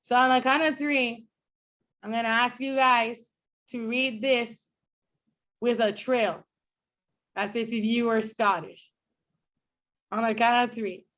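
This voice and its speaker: A woman professor giving a phonetics lecture to a class, explaining clearly and demonstrating speech sounds slowly. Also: on the high side, steady tone, a bit bright. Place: classroom with students.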